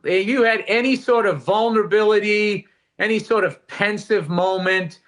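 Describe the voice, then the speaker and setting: Bright-voiced man talking candidly. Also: high-pitched, steady tone, moderate pace. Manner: reflective, candid, swears casually. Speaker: podcast host. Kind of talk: casual podcast conversation.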